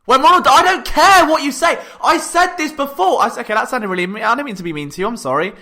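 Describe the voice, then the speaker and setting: A man hosts a sports podcast in an unscripted, heated rant. His voice sits very high and sounds bright and forceful. He argues his points with exasperated rhetorical passion. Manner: impassioned and exasperated, fast rhetorical ranting.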